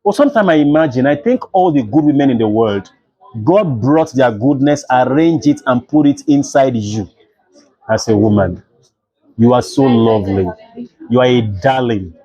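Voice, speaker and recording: A young adult literature teacher with a Nigerian English accent lectures his class in a mid-range, husky voice at a moderate pace, the recording muffled. He tells stories animatedly, acting out the characters' dialogue.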